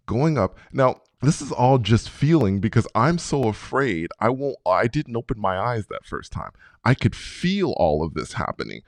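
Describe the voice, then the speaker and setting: A man in his fifties, a podcast guest telling a personal story in an animated way and acting out his own past reactions. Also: medium pitch, normal speed, dry recording, clean studio sound. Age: 50s.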